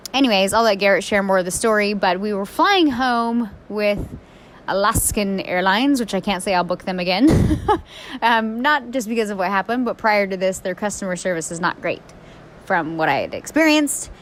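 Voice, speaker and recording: A woman in her thirties tells a story on her podcast. She talks chattily and animatedly, with lots of "like". Her voice sits in an ordinary middle pitch. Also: a little hiss or hum. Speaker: podcast co-host. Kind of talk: casual storytelling chat.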